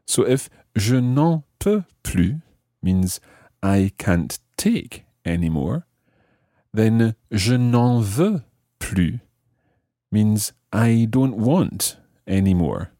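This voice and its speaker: A man hosting a language lesson podcast, explaining French phrases slowly and carefully. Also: on the low side, dark tone, husky, no echo, clean studio sound. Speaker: language teacher host.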